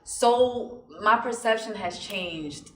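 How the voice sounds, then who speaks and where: Earnest woman host, mid-pitched voice, talks things through with simple examples, recorded in a roomy space. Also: takes it slowly, noisy background. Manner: earnest, explains with everyday examples. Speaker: podcast host. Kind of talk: casual podcast chat.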